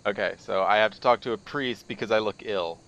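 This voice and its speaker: A man's voice: fairly low pitch, brisk, fairly bright tone, highs cut off. A man streaming a game and commenting casually, with sarcastic, mumbled asides.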